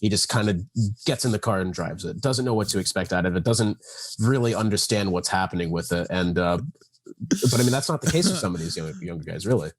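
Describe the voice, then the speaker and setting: A man's voice: sits low, animated, fast, no echo. A nineteen-year-old man as guest co-host on a casual podcast, emphatic and opinionated. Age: teens. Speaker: guest co-host, race commentator. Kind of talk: casual chat.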